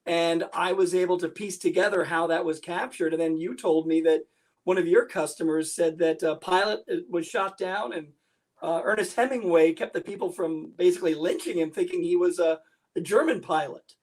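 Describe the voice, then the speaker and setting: A man's voice: high-pitched, steady tone, moderate pace. A man, a military historian guest, chatting eagerly on a video call and jumping in with enthusiastic asides. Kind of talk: casual interview chat.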